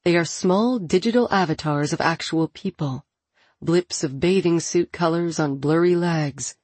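Husky woman reading an audiobook, low-pitched. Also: dry recording. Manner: measured, steady reading. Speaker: audiobook narrator. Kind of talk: audiobook narration.

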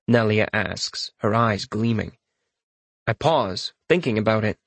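A man's voice: lowish voice, normal speed, no room sound. Male audiobook narrator, dry close sound. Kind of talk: first-person fantasy narration.

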